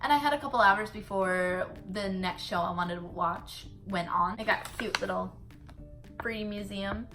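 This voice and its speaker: Bright-voiced young woman telling a story. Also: mid-range voice, normal speed, faint music behind. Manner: chatty, animated retelling full of "like" fillers. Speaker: vlogger. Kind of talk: casual storytelling vlog.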